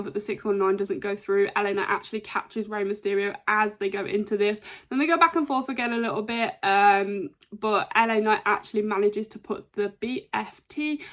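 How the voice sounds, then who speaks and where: A woman casually recapping a wrestling show, chatty with lots of ums and quick impressions. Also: mid-range voice, a bit bright. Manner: chatty, frequent ums, brief imitations of wrestlers.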